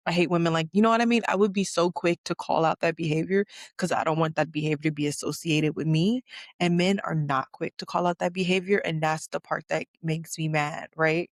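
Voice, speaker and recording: A woman's voice: sits low, steady tone, brisk, dry recording, clean studio sound. A woman hosting a casual chat, emphatic and outspoken, profane, repeating words for stress. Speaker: podcast host.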